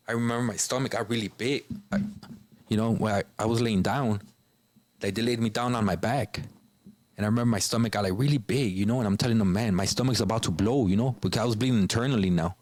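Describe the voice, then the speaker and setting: A man's voice: lowish voice, a little fast. A man from Chicago, a podcast guest, telling a personal story in a casual, informal way, filling his speech with "you know" and "bro".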